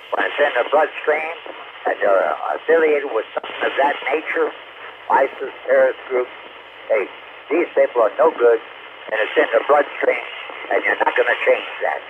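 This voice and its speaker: A man chatting on an amateur radio channel, ranting bluntly and repeating himself. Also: medium pitch. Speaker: ham radio operator. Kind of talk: on-air radio chat. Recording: noisy tinny radio receiver audio.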